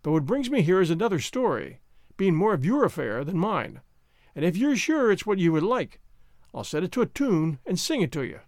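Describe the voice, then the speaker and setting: Male narrator as a bold, stiff-necked Highland gent, wry and formal, dry close sound. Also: very animated, fairly quick, darkish tone, no echo. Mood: proud. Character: proud, bold Highland gentleman.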